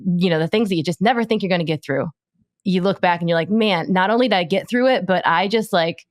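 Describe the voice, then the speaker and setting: A woman's voice: fairly low pitch, brisk, dry recording, clean studio sound. A woman hosting a casual podcast interview, chatty and encouraging, laughing easily. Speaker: podcast host.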